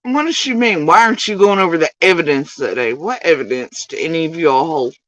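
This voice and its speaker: A woman's voice: low-pitched, lively intonation, brisk, fairly bright tone, dry recording, rough recording. A woman streamer, ranting and swearing in sarcastic, mocking commentary on clips she plays.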